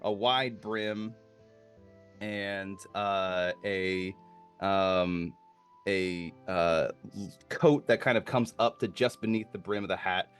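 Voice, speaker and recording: A man running a tabletop game as game master, narrating in a halting way with many fillers. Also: lowish voice.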